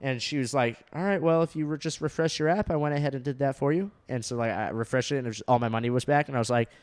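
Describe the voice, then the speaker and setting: A man's voice: medium pitch, fast talker. Swearing young man telling a story. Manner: animated storytelling, heavy swearing, many fillers. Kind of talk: casual chat.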